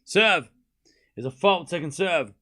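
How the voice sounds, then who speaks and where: A male streamer calls tennis rallies live, his slightly raised voice jumping up in pitch and volume on big shots. Between points he drops into a low, blunt, casual rant at his chat. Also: a little slow. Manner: excited play-by-play, then ranting casually at chat. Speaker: stream host and tennis commentator. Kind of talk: live watchalong commentary with chat.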